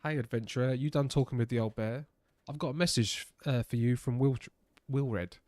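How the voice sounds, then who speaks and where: A man's voice: mid-range voice, moderate pace, a little mellow, no echo, natural voice. A man reading as a chatty messenger.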